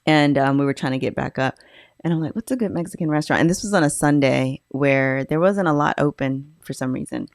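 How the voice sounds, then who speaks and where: Low-voiced woman chatting casually. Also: brisk, no echo, clean studio sound. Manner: animated storyteller, laughs often. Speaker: podcast co-host. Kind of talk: casual chat.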